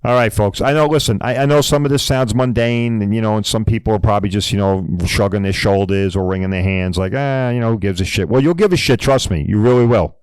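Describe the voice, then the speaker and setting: A man's voice: on the low side, quick pace, few pauses, darkish tone, clean tone, no room sound, rough recording. A middle-aged man hosting a podcast, ranting bluntly and profanely and hammering his points home with repeated "all right?"s. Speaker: podcast host.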